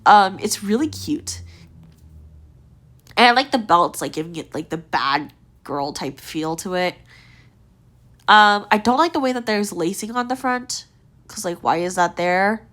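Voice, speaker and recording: Chatting casually while rating outfits, this young gaming creator rambles and fills gaps with fillers, leaving long pauses. Her mid-range voice has lively intonation, an unhurried pace, and a fairly bright tone, yet sounds a little tired and strained.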